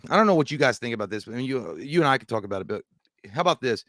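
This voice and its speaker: A man's voice: mid-range voice, sing-song, a bit bright, no echo, studio quality. A man co-hosting a live movie stream, joking around, swearing and often restarting his sentences. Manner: joking, profane, halting. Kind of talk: casual chat.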